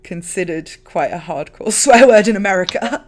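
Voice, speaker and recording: A woman with a London accent, hosting a casual stream chat, talkative and quick to laugh. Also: mid-range voice, expressive, darkish tone. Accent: London English. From London, England. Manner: chatty, laughs often, many fillers. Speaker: streamer host.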